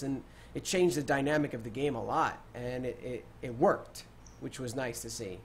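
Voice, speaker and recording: A man's voice: a little high, normal speed. A young man hosting a casual gaming podcast, telling stories with lots of fillers and bursts of laughter. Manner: laughing, excitable storytelling with many fillers. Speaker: podcast host.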